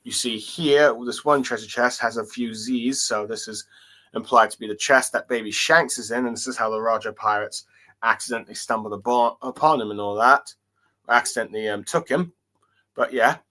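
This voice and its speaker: A man's voice: mid-range voice, steady tone, normal speed, bright, forceful tone. A man giving a casual solo review of a manga chapter, hesitant and full of fillers as he reads along. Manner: hesitant, many fillers and restarts while reading along.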